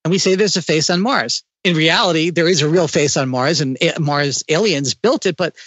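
A man speaking as an interview guest, explaining ideas in a lively way with frequent restarts. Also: a little high, normal speed, highs cut off, background noise. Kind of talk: conversational interview.

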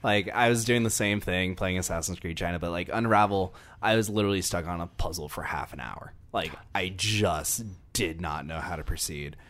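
A man with a very low, deep voice chats loosely on a podcast. He rambles and drifts off track mid-sentence. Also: moderate pace, hardly any pauses, fairly bright tone. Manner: rambling, gets sidetracked mid-thought. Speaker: podcast co-host. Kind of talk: casual chat.

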